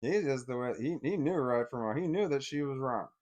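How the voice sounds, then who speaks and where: A middle-aged man tells a personal story straight to camera, blunt and heavily profane, lurching between heated outbursts and low, bitter muttering. His voice is ordinary male pitch, expressive, a little fast and darkish in tone.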